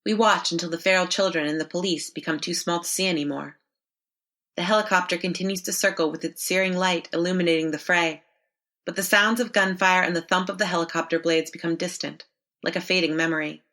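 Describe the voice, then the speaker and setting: A woman narrating a first-person horror story in a measured, expressive read. Her voice sits slightly low but rings bright and forward.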